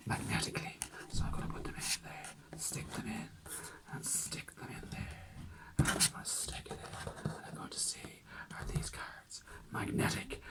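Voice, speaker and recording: A man, a preschool teacher, putting on a hushed magical whisper to show young children a card trick.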